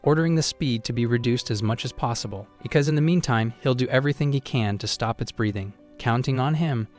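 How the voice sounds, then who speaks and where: Man narrating a recap over soft music. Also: mid-range voice, brisk. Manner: steady storytelling recap. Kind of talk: scripted narration.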